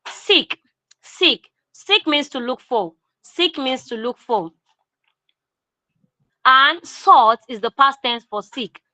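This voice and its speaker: A woman with a Nigerian English accent teaching an online grammar lesson, repeating key phrases slowly for emphasis. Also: high-pitched, pushed and bright, dry recording, low-quality recording.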